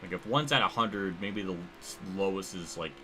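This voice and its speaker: A man's voice: sits low, lively intonation, moderate pace. A man livestreaming a sim-racing game, commenting casually and rambling, restarting his sentences and swearing now and then. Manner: rambling, casual, thinks aloud with frequent restarts.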